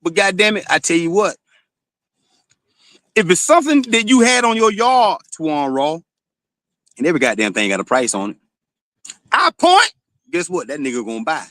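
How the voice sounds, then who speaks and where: High-voiced man rambling on. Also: sing-song, moderate pace, long pauses, a bit bright, dry recording. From Florida. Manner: rambling, swears often, many "you know"s. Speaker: streaming show host. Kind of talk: casual monologue.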